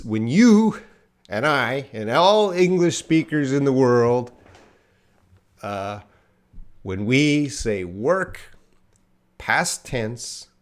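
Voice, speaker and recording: In a live online class, a man with a medium-pitched voice teaches English pronunciation. He drills consonant sounds, has viewers repeat after him, and reads out names from the chat.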